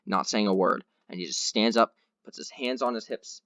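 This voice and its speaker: A man's voice: fairly low pitch, moderate pace, fairly bright tone, no room sound, studio quality. A man hosting a podcast, telling a long rambling anecdote in casual chat with lots of fillers. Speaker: podcast host.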